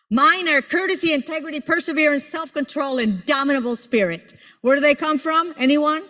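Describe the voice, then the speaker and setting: Woman in her sixties, echoing auditorium. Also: on the high side. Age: 60s. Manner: playful, teasing the audience; repeats words for emphasis. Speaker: conference speaker. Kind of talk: motivational speech. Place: large auditorium. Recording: long hall reverb in an auditorium.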